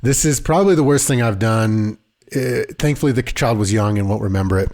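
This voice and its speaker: A man in his thirties co-hosting a podcast, telling stories in an animated casual chat. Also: lowish voice, brisk. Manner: animated storyteller, acts out scenes. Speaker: podcast co-host.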